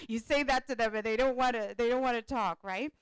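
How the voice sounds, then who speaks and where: A woman speaker and life coach giving an animated motivational talk to a live audience at a conference panel, repeating phrases and often checking in with "right?". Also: fairly high pitch, normal speed, smooth, no room sound. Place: conference hall.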